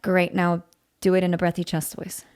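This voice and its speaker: A woman coaching a singer through a voice lesson, encouraging and quick to laugh. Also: on the low side, monotone, a little mellow, clean tone. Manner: encouraging, upbeat, laughs often. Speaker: vocal coach. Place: studio.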